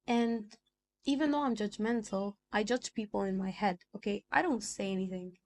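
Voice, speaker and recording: A woman's voice: mid-range voice, normal speed, slight background noise. Chatty woman around twenty, talking to camera. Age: about 20. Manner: chatty, filler-heavy, asks for agreement. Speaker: vlogger. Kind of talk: casual chat to camera.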